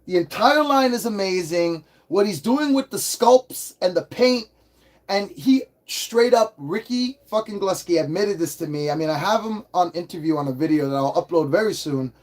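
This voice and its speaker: A man hosting a casual livestream toy review, hyper and excitable, swearing freely as he talks. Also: high-pitched, moderate pace.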